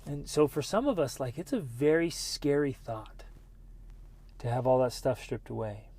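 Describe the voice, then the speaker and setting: Earnest, animated male podcast host. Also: mid-range voice, moderate pace. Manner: earnest and animated, with bursts of excitement. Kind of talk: motivational podcast monologue.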